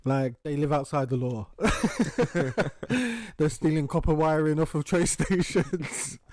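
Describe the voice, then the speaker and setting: Laughing, swearing London man, mellow tone. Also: on the high side, expressive, slow, dry recording, clean studio sound. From south-east London. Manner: loose, swearing, laughing often. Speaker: podcast co-host. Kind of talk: casual uncensored chat.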